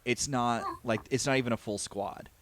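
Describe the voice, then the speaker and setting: A man's voice: medium pitch, fairly even intonation, normal speed, a bit bright, no room sound. A man narrating as game master, explaining what the players know over a video call. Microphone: desk mic on a video call.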